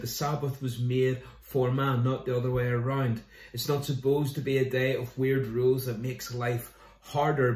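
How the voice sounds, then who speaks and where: Man, pastor, online sermon, conversational, jokes and scripture, mid pitch, echoey room. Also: a little mellow, recorded from a distance. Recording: roomy echo.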